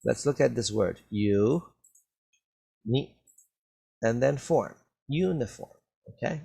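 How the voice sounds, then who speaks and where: A man teaching an English reading lesson in an unhurried, patient way. His pitch sits in an ordinary middle range. He repeats words and checks in with "okay?" after nearly every point. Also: lively intonation, creaky, dark tone, slightly rough. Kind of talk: slow reading lesson for learners.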